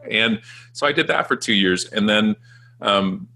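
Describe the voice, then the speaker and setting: A man in his forties, a guest telling his career story in a self-mocking, animated way with frequent restarts. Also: fairly low pitch, a little slow, gravelly. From Canada. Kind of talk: casual storytelling interview.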